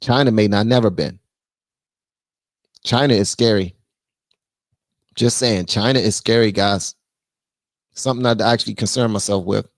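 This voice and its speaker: A man hosting a casual political live stream, blunt and animated, reading viewer messages aloud. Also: on the low side, moderate pace, long pauses, no room sound. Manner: blunt, animated, reads super chats aloud.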